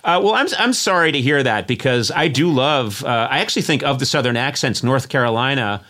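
A man's voice: medium pitch, fairly quick. A man from Massachusetts hosting a talk show, chatting with a caller and joking often. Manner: joking, animated, laughs often. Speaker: radio show host. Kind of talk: casual call-in chat.

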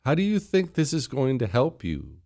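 A man's voice: medium pitch, wildly swooping pitch, normal speed, vocal fry, warm tone. A man hosting a political commentary show, scornful and emphatic with sarcastic asides. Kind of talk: opinion commentary.

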